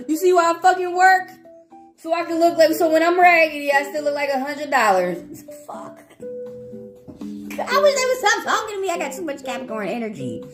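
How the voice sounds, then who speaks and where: Profane, animated young woman reading tarot. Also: extremely high pitch, normal speed. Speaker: tarot reader. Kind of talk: casual livestream tarot reading. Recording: guitar music playing behind.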